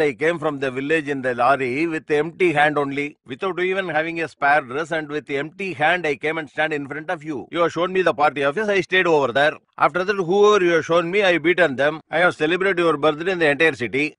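A man's voice: a little high, brisk, a bit bright, no room sound, lightly acted. A man dubbing a brash, boastful upstart politician in a movie, mocking and swaggering. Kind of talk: movie dub. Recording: dry dub with faint music.

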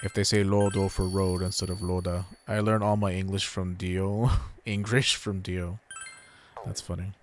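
A man streaming a game, casually explaining Japanese pronunciation and repeating words slowly as he thinks aloud. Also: low-pitched, little pitch movement, a little mellow, faint music behind. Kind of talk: casual gameplay commentary.

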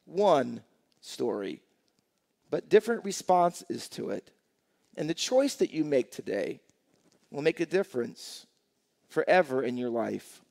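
A man delivers a Sunday sermon as pastor, his voice pitched high with a gravelly rasp. He moves between plain explanation and lively storytelling, building toward his main point. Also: measured pace, pauses often. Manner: storytelling with a joke, acting out characters in quotes. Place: church sanctuary.

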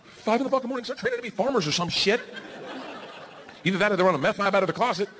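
A man in his forties doing a stand-up comedy set, telling stories loudly and jumping into the voices of his kids and friends. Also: high-pitched, animated, very fast, a little hiss or hum. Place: comedy stage with a live audience. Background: audience laughter.

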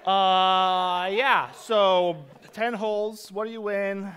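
A man's voice: high voice, fairly even intonation, slow pace, fairly bright tone, clear, resonant tone. A man hosting a live drag comedy game show on a theater stage, with campy, rambling, self-mocking banter into a handheld microphone.

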